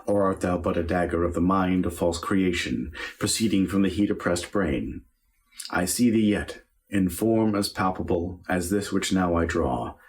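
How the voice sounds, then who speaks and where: Macbeth, deep-voiced and haunted, as a man performs him. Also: natural voice. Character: Macbeth, a guilt-haunted nobleman, grown man. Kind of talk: Shakespeare monologue performance.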